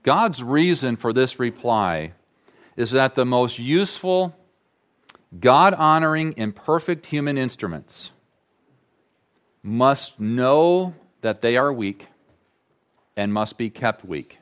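Male pastor, sermon, slow measured delivery, emphatic repetition, mid-pitched voice. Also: lively intonation.

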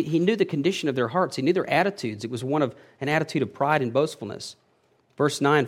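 A man preaching an expository sermon, reading verses aloud and explaining them with emphatic swells and frequent restarts. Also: mid-range voice. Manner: emphatic, rising and falling in loudness, self-correcting restarts. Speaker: pastor.

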